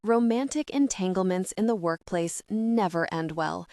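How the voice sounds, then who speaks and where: Soothing middle-aged mom read by a woman, gentle and tender, dry close sound, mid pitch. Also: expressive, normal speed, no echo, lightly acted. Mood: tender reassurance. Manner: gentle, reassuring.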